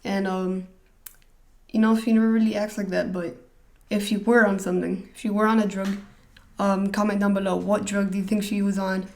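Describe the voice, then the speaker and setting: A man's voice: sits high, flat delivery, normal speed, gravelly, a little mellow. A teenage boy telling a rambling, hesitant storytime to his vlog audience. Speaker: vlogger.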